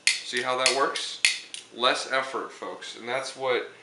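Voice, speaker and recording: A young man hosting a mock cooking show with deadpan, mock-serious delivery. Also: mid-range voice, slow. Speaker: comedic cooking show host. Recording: echoey kitchen, mic far off, noisy. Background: pans sizzling.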